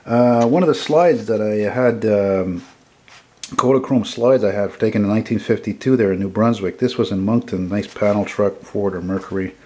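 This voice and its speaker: This Montreal photographer in his 40s has a fairly low, slightly mellow voice. He walks through his car prints for sale in a casual, rambling, enthusiastic pitch, often catching and correcting himself mid-sentence.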